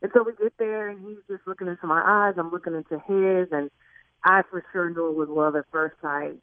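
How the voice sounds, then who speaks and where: A woman calling in to a radio show, chatty and animated as she tells a personal story. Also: fairly low pitch, brisk, no echo. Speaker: caller. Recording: tinny phone line.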